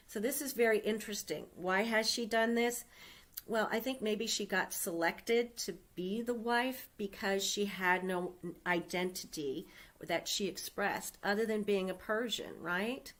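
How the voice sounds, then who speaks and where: Slow, conversational woman giving a sermon. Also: medium pitch, a bit bright. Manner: conversational, retells scripture with casual asides. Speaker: speaker giving the Sunday message. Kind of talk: storytelling sermon.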